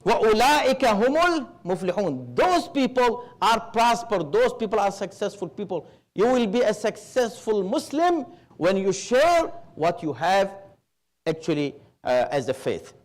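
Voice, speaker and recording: A man preaching at a religious gathering, speaking in a measured, emphatic way and weaving Arabic terms into his lecture. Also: high-pitched, big pitch swings. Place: Islamic center hall.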